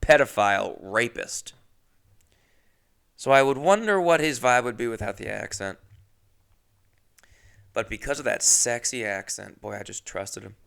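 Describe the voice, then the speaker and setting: A man spins a rambling comic story in a gravelly voice with frequent fry. His tone is bright and crisp, and his talk is loose, profane and self-mocking. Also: mid-range voice, lively intonation, measured pace, long pauses. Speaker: podcast host.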